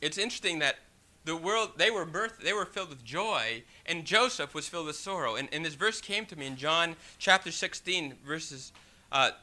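A man preaching a sermon in an animated, rhetorical way, often asking the congregation "right?" and reading scripture in old-fashioned wording. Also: a little high, normal speed. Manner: reads scripture in King James wording.

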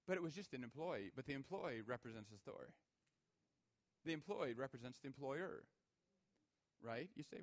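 A man's voice: mid-range voice, normal speed, pauses often. A man preaching a sermon to a congregation, acting out everyday scenes and raising his voice for emphasis. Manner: animated, acts out little scenes in raised voice. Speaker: pastor.

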